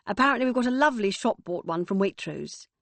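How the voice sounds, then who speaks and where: A woman's voice: mid-range voice, lively intonation, fast, gravelly, fairly bright tone, no room sound. A woman reading an audiobook voices a self-absorbed mother near sixty with a breezy, sing-song manner. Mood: airy. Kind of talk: audiobook character voice.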